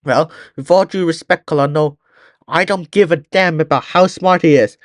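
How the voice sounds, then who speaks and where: A man's voice: a little high, normal speed, dry recording, clean studio sound, close to an everyday voice. A man voicing a brash, dismissive male city mayor in a fan-written story reading. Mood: blustering. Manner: blustering, dismissive.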